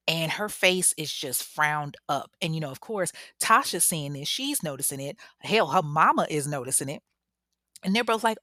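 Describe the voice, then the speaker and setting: A woman telling a true story casually, full of slang and animated asides. Her voice sits on the low side and is recorded close on a mic in a dry room. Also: no room sound.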